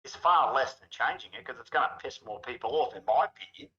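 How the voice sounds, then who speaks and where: A man's voice: mid-range voice, animated, fast talker, sharp tone. A man co-hosting a casual chat, blunt, profane and exasperated. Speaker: co-host. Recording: dull lo-fi sound.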